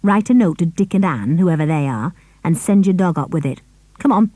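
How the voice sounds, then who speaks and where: A woman reading a brisk, scheming grown man villain in an audiobook. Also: on the low side, expressive, mellow, dry recording.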